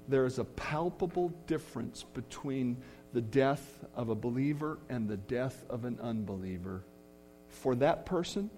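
Slow, earnest preaching man. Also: medium pitch, a little mellow, slight background noise. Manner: earnest, rising emphasis on key phrases. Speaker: pastor. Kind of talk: sermon. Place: church.

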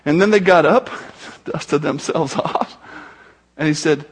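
A man's voice: a little high, unhurried, husky. A man preaching a sermon as pastor, talking conversationally with joking asides to the congregation.

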